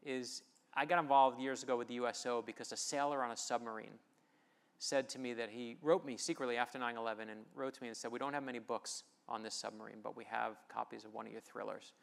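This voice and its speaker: Middle-aged man, gravelly voice, emphatic storytelling, festival stage talk. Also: medium pitch, quick pace. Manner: animated, emphatic storytelling with quoted dialogue. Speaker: author giving a festival talk. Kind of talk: inspirational storytelling speech. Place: festival stage before an audience.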